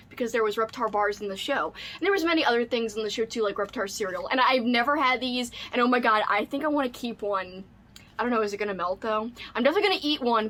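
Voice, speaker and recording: A woman vlogging casually at home, gushing excitedly over an unboxing, squealing and laughing often. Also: a little high.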